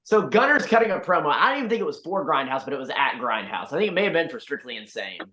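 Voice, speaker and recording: Wrestler guest with a bouncy high voice, laughing through his story. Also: big pitch swings, fast talker, bright, forceful tone, lo-fi sound. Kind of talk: casual chat.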